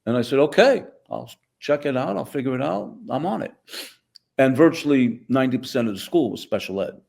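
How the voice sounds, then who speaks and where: A man's voice: medium pitch, expressive, fairly quick, creaky, a little mellow. Older New man telling a story. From the Bronx, New York. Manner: vivid storyteller acting out dialogue. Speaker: guest, former teacher. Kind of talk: conversational storytelling.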